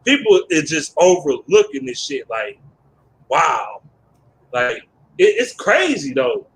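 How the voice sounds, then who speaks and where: Male caller, slightly high and very lively voice, slangy sports chat. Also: slightly rough, low-quality recording. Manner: animated, slangy, quick to laugh. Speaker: guest caller. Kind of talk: casual sports talk on a voice call. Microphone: home mic on an online call.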